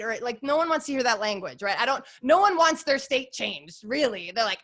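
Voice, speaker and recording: A woman in her forties talks as a podcast guest in a casual, upbeat way. She is earnest and chatty and her voice sits fairly high. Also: expressive, fast talker, few pauses. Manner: upbeat, warm, earnest with lots of "like" and "you guys". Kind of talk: casual conversational interview.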